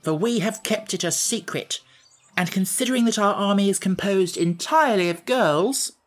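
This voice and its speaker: A bold young rebel general girl with a sharp, scornful edge, as a male narrator puts her on. She speaks with eager decision, as though victory were certain. Faint music plays underneath. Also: high voice, lively intonation, normal speed.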